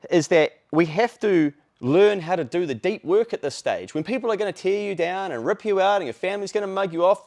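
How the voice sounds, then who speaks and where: Profane, blunt New man. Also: on the high side. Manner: blunt and profane, with animated quoted voices. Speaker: podcast host. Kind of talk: casual opinion rant.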